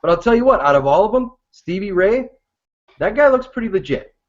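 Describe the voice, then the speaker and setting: A man's voice: sits high, big pitch swings, a little fast, highs cut off. A man co-hosting a podcast, trading profane, joking sports banter and reading out listener tweets. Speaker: podcast co-host.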